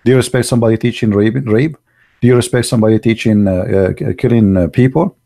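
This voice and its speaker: A man delivers a blunt online monologue. His voice is gravelly and dark, with a mellow tone. He speaks in broken, English and presses his points with rhetorical questions. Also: on the low side, steady tone, fast talker. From Arab world. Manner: broken, non-native grammar. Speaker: online show host. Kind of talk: opinionated livestream monologue.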